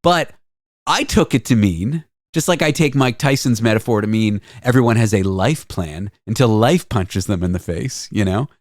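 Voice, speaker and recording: A man hosting a podcast, telling stories in an animated, self-deprecating way. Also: lowish voice, normal speed, no room sound, studio quality. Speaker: podcast host. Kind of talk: casual chat.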